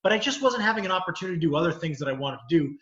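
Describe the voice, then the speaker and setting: A man talks casually about his comedy career in a rambling, storytelling way, filling gaps with "you know." His voice sits a bit high and sounds bright. The audio is dull and echoey, like a video call from a bare room. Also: lively intonation, very fast. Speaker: comedian and lawyer. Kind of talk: casual chat.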